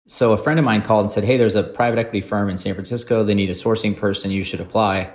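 Low-voiced man telling self-deprecating stories. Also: steady tone, fast talker. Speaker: podcast guest. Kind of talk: casual storytelling.

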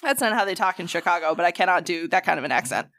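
A woman with a Southern US accent co-hosting a relaxed, casual podcast. Her humor is dry and she laughs often. The sound is close to the mic and dry. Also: lowish voice, rapid-fire, no echo. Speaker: podcast co-host. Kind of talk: casual chat.

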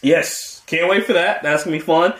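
A man co-hosting a casual podcast chat, animated and laughing often, acting out quotes in funny voices. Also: a little high, normal speed, echoey room. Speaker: podcast co-host.

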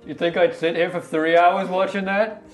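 A man's voice: high-pitched, flat delivery, normal speed, reverberant, soft background music. A man playing a tabletop game, easygoing and teasing. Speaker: player. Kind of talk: casual tabletop role-play.

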